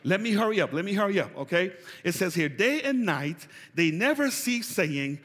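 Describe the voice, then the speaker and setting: A man, preaching a sermon with call-and-response and building to shouts. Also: high voice, expressive, fairly quick. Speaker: pastor. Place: large church hall. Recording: reverberant church hall.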